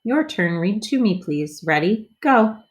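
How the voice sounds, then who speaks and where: A woman teacher leading a phonics lesson for young children, sounding out words slowly and patiently and prompting the listener to read along. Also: mid-range voice, animated. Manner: slow, clearly sounded-out reading with patient prompts.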